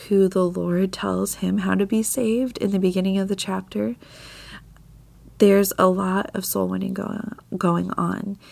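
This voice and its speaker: A woman's voice: mid-range voice, gravelly, no room sound. A woman hosting a devotional podcast, speaking earnestly with a slightly scratchy voice as she gets over a mild illness. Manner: earnest, confessional, soft laughs. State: scratchy voice from tail end of an illness. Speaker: podcast host. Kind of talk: devotional Bible talk.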